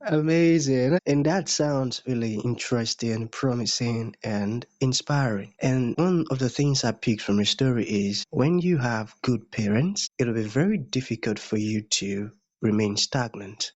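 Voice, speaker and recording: A man's voice: mid-range voice, unhurried, few pauses, a little mellow, muffled recording. A man hosting an interview podcast, effusive and full of praise for his guest. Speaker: podcast host. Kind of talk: interview host questions.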